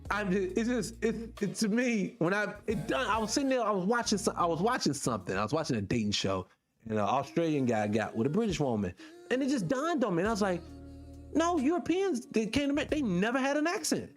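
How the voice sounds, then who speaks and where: A man hosting a casual monologue for his viewers, firing off rhetorical questions and the odd swear word in an animated way. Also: high-pitched, fast, faint music behind. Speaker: podcast host.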